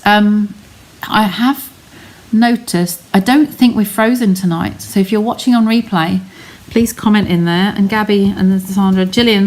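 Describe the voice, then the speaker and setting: A woman's voice: mid-range voice, a little mellow. A woman hosting a live craft stream from her home studio, explaining each step in a chatty way and talking to her viewers.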